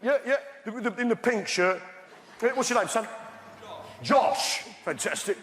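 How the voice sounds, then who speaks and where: A man's voice: high voice, lively intonation, moderate pace. A British man doing a stand-up routine on a theatre stage, brash and talking straight to the crowd. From Britain. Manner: brash, addresses the crowd directly. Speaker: stand-up comedian. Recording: echoey theatre, loud audience noise.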